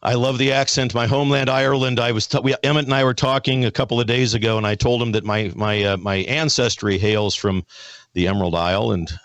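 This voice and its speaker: A man's voice: mid-range voice, steady tone, brisk, fairly bright tone, no room sound. An American man hosting a conservative talk show, folksy, with frequent restarts and repeated words. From United States.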